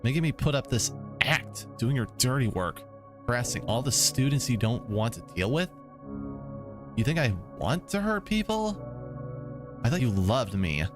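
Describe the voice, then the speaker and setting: A man's voice: medium pitch, sing-song, moderate pace, over music, voice pushed up, close to an everyday voice. A man voicing a distraught young female student who pleads and accuses in outbursts while reading a game's story aloud. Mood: anguished, accusing.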